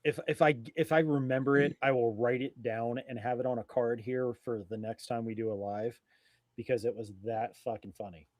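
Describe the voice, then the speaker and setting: A man's voice: mid-range voice, steady tone, moderate pace, darkish tone, no room sound. Male co-host, loose, self-mocking banter, dry close mic. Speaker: co-host of a live stream. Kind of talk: casual chat.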